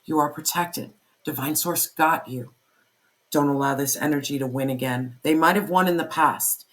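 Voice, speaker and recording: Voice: medium pitch, normal speed, fairly bright tone. A tarot reader giving an intense, emphatic spoken reading, swearing freely and repeating phrases for emphasis. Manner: fiery, pep-talk delivery.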